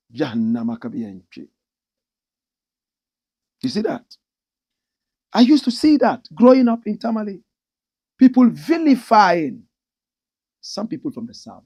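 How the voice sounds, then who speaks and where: An impassioned middle-aged man with a Ghanaian accent delivers opinion commentary as a show host. His voice sits a little high and has a gravelly edge. He swings his pitch widely, slipping into mimicry of the people he describes. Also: darkish tone.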